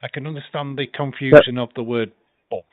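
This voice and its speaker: A man's voice: medium pitch, steady tone, brisk, no room sound. A British man co-hosting a podcast, patiently explaining and correcting in casual banter. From United Kingdom. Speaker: podcast co-host. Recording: tinny phone-like call audio.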